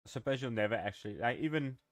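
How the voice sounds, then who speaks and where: A man's voice: mid-range voice, racing, no echo, studio quality. A man from Africa, live-streaming a game and chatting in a rambling, joking way with his viewers. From South Africa. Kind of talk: casual live-stream chat.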